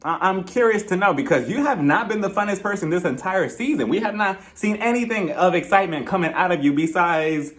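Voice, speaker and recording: A man talking through a reality show episode in a casual monologue, his voice a little high and swooping widely as he goes. He keeps slipping into exaggerated impressions of the cast members as he retells their arguments. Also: animated, a little fast, few pauses, a bit bright. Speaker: reality TV recap host.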